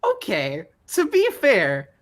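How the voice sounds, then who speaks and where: Animated woman player, laughing often. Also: mid-range voice, slow. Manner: laughs often, declares actions. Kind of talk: casual game chat.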